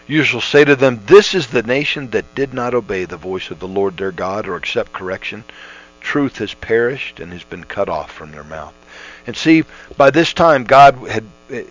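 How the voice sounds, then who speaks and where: Folksy man teaching the Bible on radio. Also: medium pitch. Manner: folksy, earnest, with many restarts. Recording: dull lo-fi radio audio with mains hum.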